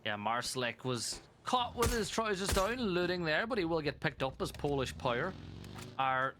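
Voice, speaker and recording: An Irish man co-casting a live esports match with steady, bantering play-by-play. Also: a little high, normal speed, background noise. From Ireland. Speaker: esports co-caster.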